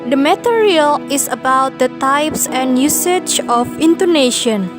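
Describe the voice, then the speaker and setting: A young woman narrating a student drama, reading slowly and carefully in plain non-native English. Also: high-pitched, expressive. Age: young adult. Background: music.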